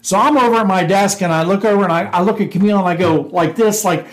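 A man with a fairly high voice tells a prank story from his police days, laughing at his own punchlines. He acts out what people said as he goes, and the talk is loose and chatty. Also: fast, low-quality recording. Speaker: podcast co-host, former police officer. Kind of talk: casual storytelling chat.

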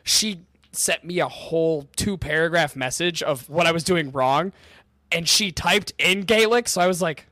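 A man from Michigan with a fairly high voice chats casually on a podcast. The recording is dry, and he swears often and jokes at his own expense. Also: normal speed, pushed and bright, no echo. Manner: swears, self-deprecating. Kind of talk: casual chat.

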